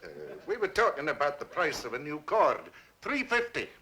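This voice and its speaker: A man's voice: a little high, very animated, moderate pace, pushed and bright. A stingy Scottish repairman. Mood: wry. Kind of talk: cartoon voice acting.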